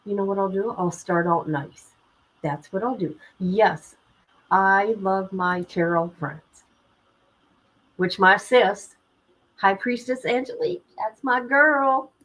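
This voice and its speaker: A woman's voice: medium pitch, takes it slowly, fairly bright tone, slight background noise, low-quality recording. A woman hosting a true-crime livestream, talking indignantly and directly to her viewers. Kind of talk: heated livestream commentary.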